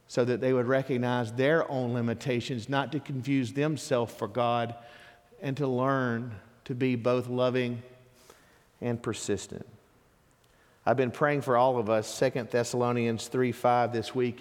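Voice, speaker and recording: A man preaching a sermon as pastor, emphatic and animated, with lively storytelling asides. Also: mid-range voice, in a large hall.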